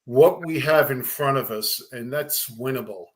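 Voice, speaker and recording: A man co-hosting a casual sports chat, talking in a hesitant but excited way, like a fan. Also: mid-range voice, normal speed. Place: home studio on a live stream.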